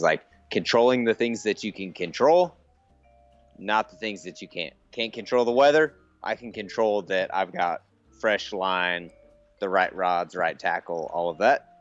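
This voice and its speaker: A man's voice: low-pitched, measured pace, highs cut off, faint music behind. A man guesting on a show, chatting casually and giving earnest advice. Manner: jokey, slips into mock accents, then earnest advice. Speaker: guest angler. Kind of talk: casual interview chat.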